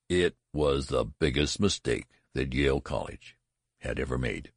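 A man reading a story aloud as a narrator, in a measured and even manner. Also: extremely low pitch, no room sound, studio quality. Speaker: audiobook narrator. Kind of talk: scripted narration.

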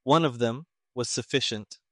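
A calm, detached detective who speaks in a flat, toneless way, as a man reads him out in an audiobook. Every word comes out even and unhurried. The sound is close and dry. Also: mid-range voice, dry recording, close to an everyday voice.

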